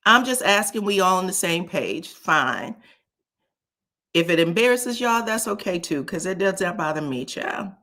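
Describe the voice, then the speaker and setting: A woman hosting a casual commentary show. She talks in a sassy, animated way, often says "child", chuckles, and uses "um". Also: fairly low pitch, measured pace. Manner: frequent chuckles and filler "um". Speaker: host of a reality TV commentary channel.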